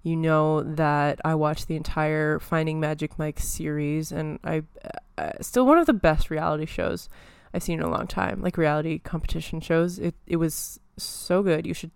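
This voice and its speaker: A woman's voice: low-pitched, fairly even intonation, normal speed, vocal fry, few pauses, darkish tone, clean tone, no room sound, clean studio sound. A young woman hosting a solo podcast from her apartment, chatting casually and rambling with lots of fillers. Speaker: podcast host.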